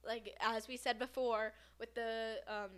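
Brief: young adult woman, podcast co-host, higher voice, giggly and tender. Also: little pitch movement, measured pace, a bit bright, smooth. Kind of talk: casual podcast chat.

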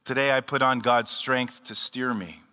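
Pastor guy with a bright ringing voice, calm and unhurried, big church reverb. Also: mid-range voice, smooth. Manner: calm, unhurried, leads a recited prayer. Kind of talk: sermon with led prayer. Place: church hall. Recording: long hall reverb.

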